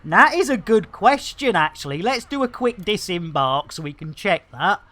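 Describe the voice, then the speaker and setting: A woman chatting casually on a game live stream, greeting and thanking viewers with lively exclamations. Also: mid-range voice, normal speed.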